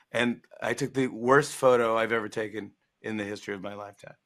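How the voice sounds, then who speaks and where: On a promotional livestream interview, this author and talk show guest, a man in his forties, spins a funny anecdote in a casual way. He speaks at medium pitch and a little fast, animatedly performing the voices of whoever he's quoting.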